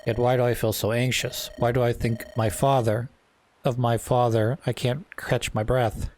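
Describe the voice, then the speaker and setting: A man reading the lines of a gentle young male noble in a game, worried and hesitant. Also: mid-range voice, level tone, fairly quick, a little hiss or hum, natural voice. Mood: anxious.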